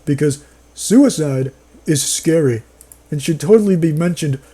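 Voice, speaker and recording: A man whose fairly high voice is dark-toned and slightly rough speaks in an animated yet unhurried way. He reads a horror story and derides it with sarcastic remarks, punctuated by laughter and outbursts, serving as reader and commentator.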